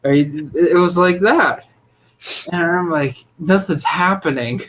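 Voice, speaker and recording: A young man with a fairly high voice talks in a casual chat. He is opinionated and animated and cracks crude jokes as he goes. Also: slow. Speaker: podcast co-host.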